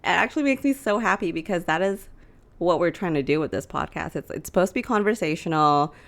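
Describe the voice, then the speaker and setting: A young woman co-hosts a podcast from a small living room, chatting casually in a voice that sits low for a woman. She is talkative, laughs often, and speaks quickly with lively intonation.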